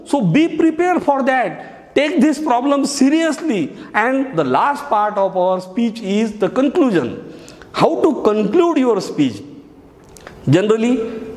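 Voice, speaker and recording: A man's voice: very high-pitched, a little mellow. A male teacher giving a lesson on speech writing, explaining each step and repeating key phrases. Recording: echoey hall.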